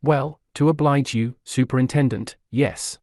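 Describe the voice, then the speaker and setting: A man voicing a quick-witted young gentleman who speaks lightly and ironically. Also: mid-range voice, steady tone, no room sound, clean studio sound, close to an everyday voice. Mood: dry ironic.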